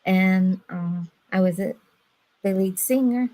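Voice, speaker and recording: Nasal lady, chatty, tells stories, mid pitch. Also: slow pace, rough recording. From Brazil. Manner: chatty, storytelling, animated asides. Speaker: guest on a live stream. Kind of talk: casual chat.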